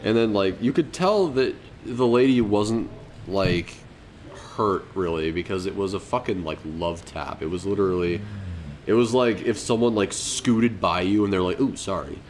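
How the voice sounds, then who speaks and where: A man's voice: lowish voice, moderate pace, darkish tone, a little hiss or hum. A young man, a podcast co-host, telling a story in loose, profane casual chat and laughing often. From Colorado.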